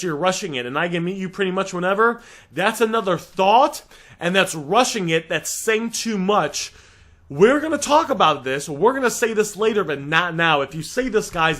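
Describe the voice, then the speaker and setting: A man's voice: high voice, fairly bright tone. A young man coaching listeners on a sales script, direct and emphatic, repeatedly calling them guys.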